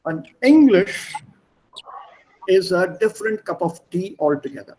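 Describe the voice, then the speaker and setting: A man's voice: high voice, lively intonation, unhurried, a little mellow, low-quality recording. A middle-aged man with an Indian accent teaching an online class over a video call, explaining at length, repeating himself and spelling words aloud. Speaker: language teacher.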